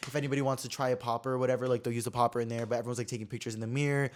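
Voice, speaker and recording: A man's voice: medium pitch, little pitch movement, racing. A man in his twenties hosting a podcast, telling a personal story in a chatty, filler-heavy way that swings between dramatic and subdued. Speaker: podcast host. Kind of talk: casual storytelling chat.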